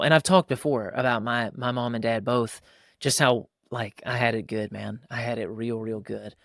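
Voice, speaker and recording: A man in his thirties talks through parenting from a Christian angle in a casual chat. He is animated and often slips into quick acted-out voices of fathers and kids. His voice sits at a middle pitch, recorded close and dry. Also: no room sound. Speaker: podcast co-host.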